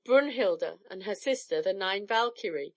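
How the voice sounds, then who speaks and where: A woman narrating an old myth as an audiobook, in an expressive storybook style. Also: medium pitch, normal speed, highs cut off.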